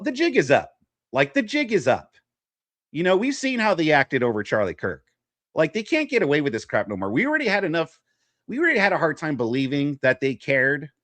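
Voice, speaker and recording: A man's voice: medium pitch, fairly bright tone, dry recording. A man hosting a live political stream, ranting in a sarcastic, mocking way. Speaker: host. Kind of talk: casual political talk.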